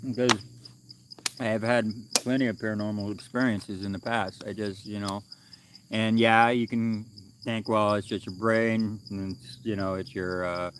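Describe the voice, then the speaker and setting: A man with a lowish voice talks in a loose, rambling way, full of fillers and restarts. He is streaming live from an outdoor camp at night, with faint crickets and insects chirping behind him. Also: flat delivery, moderate pace, background noise. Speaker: livestream vlogger. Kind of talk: casual livestream chat.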